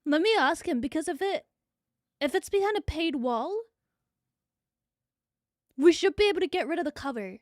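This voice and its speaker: A woman from New Zealand with a New Zealand accent, chatting excitably on a live stream, a bit out of breath and swearing freely. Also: high-pitched, normal speed, pauses often, no echo, studio quality. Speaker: VTuber streamer.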